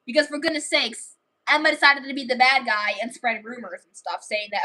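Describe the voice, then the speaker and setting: A woman on a livestream rambles through a made-up story, full of fillers and restarts. Her voice is high and bright. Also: moderate pace, low-quality recording.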